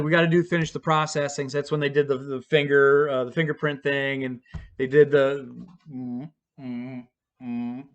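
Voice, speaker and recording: A man's voice: mid-range voice, fairly bright tone. A man at home telling a personal story to his camera in a rambling, profane, casual way, full of fillers and restarts.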